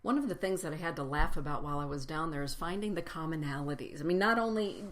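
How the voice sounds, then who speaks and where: A woman with a low, deep voice gives a personal spiritual talk to a gathered congregation. She speaks reflectively, stacking phrases into lists and slowing down to land each one. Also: a bit bright.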